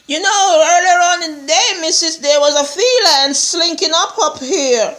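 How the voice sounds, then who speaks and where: A woman's voice: very high voice, normal speed, a bit bright, voice pushed up. A woman voicing a nervous young enslaved woman who is jittery and evasive.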